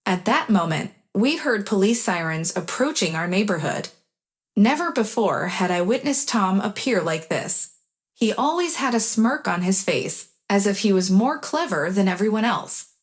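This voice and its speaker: A woman's voice: medium pitch, sing-song, normal speed. Sex: woman. Style: plain first-person story narration.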